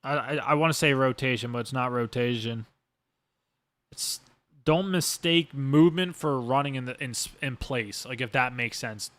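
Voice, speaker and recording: A man's voice: mid-range voice, normal speed, a bit bright, dry recording. A man hosting a casual podcast monologue as a streamer, rambling and emphatic with lots of swearing. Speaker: streamer host.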